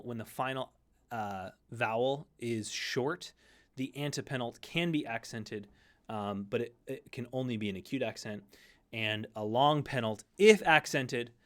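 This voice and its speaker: A man teaching a Greek lesson in a conversational way, often correcting himself mid-sentence and using fillers. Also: medium pitch. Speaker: seminary Greek instructor. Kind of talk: recorded lecture.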